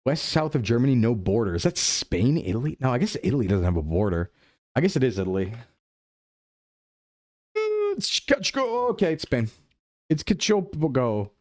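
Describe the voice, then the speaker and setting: A young adult man streaming a game live, chatting playfully with his chat and thinking his guesses out loud. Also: mid-range voice, dry recording, studio quality. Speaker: VTuber streamer. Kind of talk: live-stream gameplay commentary.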